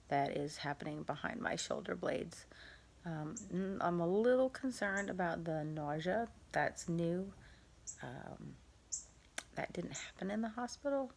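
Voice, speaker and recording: Low creaky-voiced woman, tired and sore. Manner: soft-spoken, halting with many ums, laughs at herself. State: in pain after surgery, tired. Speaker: vlogger. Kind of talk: casual recovery vlog. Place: at home in bed. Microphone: phone.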